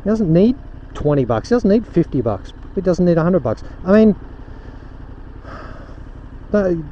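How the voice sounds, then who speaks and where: A man's voice: fairly high pitch, warm tone, highs cut off. A young man vlogging from his motorbike, rambling wryly and stopping himself mid-sentence as he acts out imagined conversations. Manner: rambling, wry, self-interrupting, acts out imagined dialogue. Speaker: motovlogger. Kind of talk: casual ranting monologue while riding. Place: on a motorbike in city traffic. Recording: wind and traffic noise outdoors.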